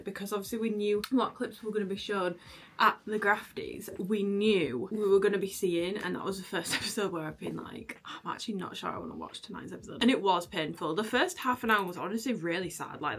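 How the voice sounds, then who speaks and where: Chatty and rambling, a young vlogger cooks in her home kitchen in front of a camera on a tripod, often making jokes at her own expense. Her voice is mid-range with a fairly bright tone.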